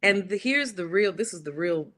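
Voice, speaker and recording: A woman guest, an author and playwright, telling a story with lively animation and acting out the quoted dialogue in changing voices. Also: lowish voice, moderate pace.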